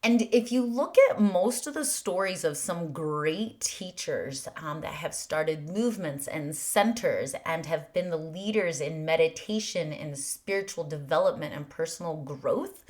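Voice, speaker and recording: Slow, low-voiced woman musing softly. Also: expressive. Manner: earnest, repetitive rhetorical questions, drops to breathy near-whispers. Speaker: podcast host. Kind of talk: reflective spiritual monologue.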